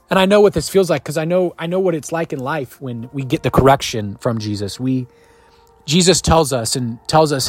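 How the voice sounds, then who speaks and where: A man's voice: mid-range voice, moderate pace, no echo. Emphatic male preacher, dry sound. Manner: emphatic, repeats key lines, shifts loudness often. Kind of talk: sermon.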